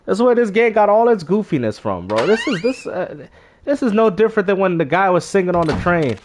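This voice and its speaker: Animated, high-voiced man ranting casually. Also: fairly quick, slight background noise. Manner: animated, slangy, repeats himself. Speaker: gaming channel host. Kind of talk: casual gaming commentary.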